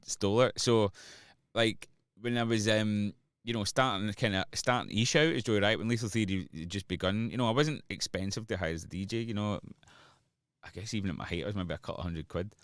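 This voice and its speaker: A man's voice: on the low side, fairly bright tone, clear, resonant tone, no room sound, studio quality. A Scottish man, a DJ and music producer, chatting casually on a livestream while making music. He rambles, swears freely and laughs often. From Scotland.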